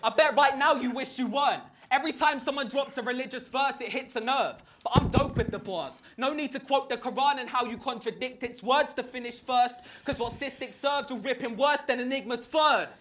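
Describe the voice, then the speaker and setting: A man's voice: very high voice, brisk, hardly any pauses, fairly bright tone. A man rapping mocking, punchline-driven battle verses. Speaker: battle rapper.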